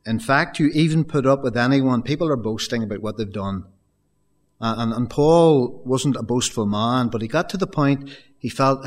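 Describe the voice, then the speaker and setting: A man's voice: medium pitch, expressive, moderate pace. A male preacher giving a sermon, reading scripture with rising emphasis and speaking to the congregation as folks, sometimes stammering and repeating words.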